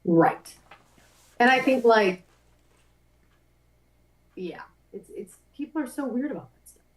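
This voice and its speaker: A woman co-hosting a podcast in casual chat, bantering playfully and getting animated. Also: on the high side, a little slow, rough recording. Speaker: podcast co-host.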